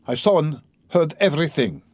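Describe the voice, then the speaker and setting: A man's voice: mid-range voice, animated, a little fast, dry recording, lightly acted. A man voicing an eager young radical. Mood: earnest. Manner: earnest, eager lecturing.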